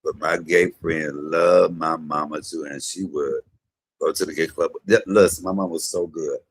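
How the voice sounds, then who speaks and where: Husky low-voiced man telling stories. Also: moderate pace. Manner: animated, loud imitations of his mother. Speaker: comedian and vlog host. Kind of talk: casual storytelling monologue.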